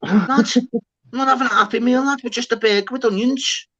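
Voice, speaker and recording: A man hosting a livestream, telling an animated story in casual chat, swearing often and calling people lad and mate. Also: very high voice, fairly quick. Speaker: livestream host. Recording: dull lo-fi sound.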